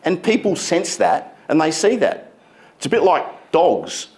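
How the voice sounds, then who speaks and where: A man giving a motivational keynote speech on a conference stage, emphatic and deliberate, stretching key words. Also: a little high, wildly swooping pitch, a little mellow. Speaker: keynote speaker.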